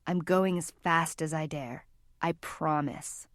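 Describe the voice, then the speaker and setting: A woman voicing a hushed, worried teenage boy. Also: sits low, fairly even intonation, slow pace, no room sound, clean studio sound. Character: teenage boy, anxious but steady.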